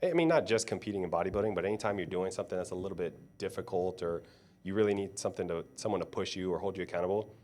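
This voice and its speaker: A man with a notably low, deep voice hosts a relaxed conversation. He speaks in a laid-back and encouraging way, often filling his sentences with "you know". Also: rapid-fire. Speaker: host and coach. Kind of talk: casual conversation.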